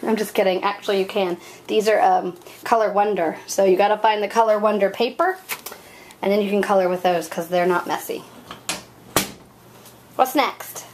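A woman's voice: medium pitch, steady tone, normal speed, long pauses, darkish tone, slight background noise, rough recording. A woman filming a home vlog as a mother, chatting with her young child in a playful, teasing way while they unpack boxes at home. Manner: playful, teasing, coaxing questions. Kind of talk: casual home vlog chat.

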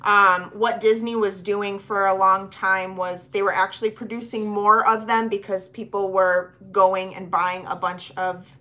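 A woman's voice: mid-range voice, level tone, unhurried, few pauses, sharp tone. A woman co-hosting a live online sale, talking casually and straight to viewers. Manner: friendly, talks straight to viewers. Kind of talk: casual live selling chat.

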